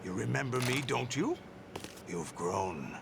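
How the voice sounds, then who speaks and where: An actor playing a commanding older male leader who speaks slowly and menacingly with a gravelly voice. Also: medium pitch, sing-song, very noisy. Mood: cold menace. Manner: slow, measured, menacing.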